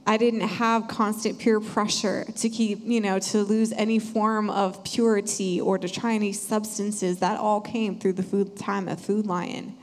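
A young woman sharing an earnest, animated church testimony. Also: medium pitch, unhurried, hardly any pauses. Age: young adult. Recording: hall reverb.

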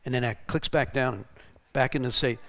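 A man preaching a storytelling sermon in an animated way, restarting and repeating words and rising to shouted bursts. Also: medium pitch, fairly quick. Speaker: pastor.

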